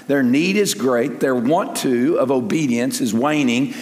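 An older man preaching a sermon in an animated way, dropping to near-whispers and then rising to loud emphasis. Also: mid-range voice, a little slow. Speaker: pastor. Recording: echoey hall with long reverb.

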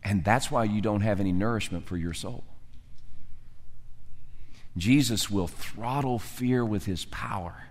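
A man preaching a sermon as pastor, acting out characters and swinging from loud to hushed. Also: lowish voice, measured pace, long pauses, long reverb tail.

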